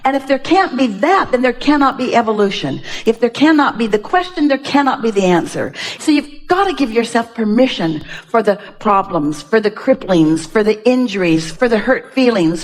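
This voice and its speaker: A woman giving a live seminar talk, speaking emphatically to an audience member, repeating phrases and asking rhetorical questions. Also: on the high side. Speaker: spiritual teacher at a workshop.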